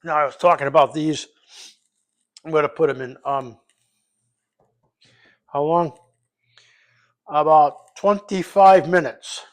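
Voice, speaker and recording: A middle-aged man from Rhode Island cooks in his home kitchen and talks as he goes, with a voice pitched a little high for a man. He rambles, jokes and swears freely, restarting his sentences as he works. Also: fairly even intonation, takes it slowly, long pauses. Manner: rambling, profane, loose and jokey. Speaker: home cook vlogger. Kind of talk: casual cooking vlog.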